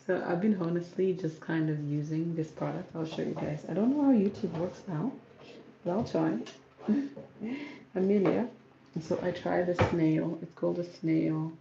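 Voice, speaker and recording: Soft-spoken woman from South Sudan hosting a casual livestream Q&A; low, gravelly voice in an echoey room. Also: a little slow, pauses often, highs cut off, noisy background. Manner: calm, soft-spoken, reads out viewer comments. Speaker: YouTuber. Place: home room with ring light. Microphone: camera on ring light.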